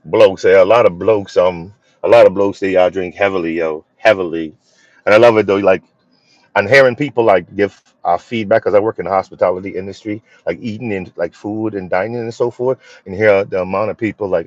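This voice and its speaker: A man chats loosely with his viewers, his voice sitting on the low side. He rambles in an easygoing way, trailing into fillers and starting sentences over. The sound is dull and lo-fi, captured dry on a phone with no room around it. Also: steady tone, a little fast, darkish tone, no room sound. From Philadelphia, USA. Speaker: livestream host. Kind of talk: casual live chat with viewers.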